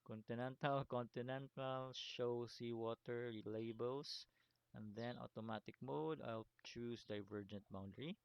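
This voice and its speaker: Smooth-voiced man teaching a lesson. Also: medium pitch, fairly even intonation, unhurried, dry recording, dull audio. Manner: repetitive, stops to check understanding with "okay?" and "right?"; apologetic chuckles at his own slips. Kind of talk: screen-recorded lesson walkthrough.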